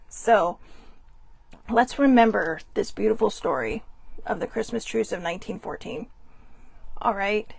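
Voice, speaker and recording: A young woman hosting a casual solo talk show from home, chatty and rambling, loud and theatrical. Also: medium pitch, moderate pace, vocal fry, slightly rough, dry recording. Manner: chatty, rambling and expressive, laughs often; calls herself loud and theatrical. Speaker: host. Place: at home in her bedroom.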